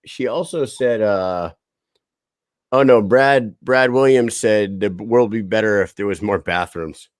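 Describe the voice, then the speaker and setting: A man's voice: fairly low pitch, dry recording. Male host in his thirties, loose and profane, dry close-miked read. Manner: swears freely, laughs often, quick storytelling. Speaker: podcast host. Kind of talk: casual chat.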